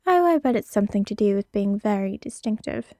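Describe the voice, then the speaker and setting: A woman's voice: medium pitch, animated, brisk, dark tone, no echo, studio quality, close to an everyday voice. A woman voicing H G, a smug, teasing, charming female thief, in a read-aloud story.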